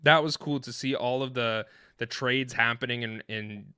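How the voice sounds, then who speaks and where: A man tells a story on a casual podcast, rambling and worked up, often restarting his sentences. His voice is bright and sharp, sitting in a middle register. The sound is dry and close, with no room around it. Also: mid-range voice, moderate pace, smooth, dry recording. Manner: excited, rambling, with many restarts and fillers. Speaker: podcast co-host. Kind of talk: animated storytelling in casual chat.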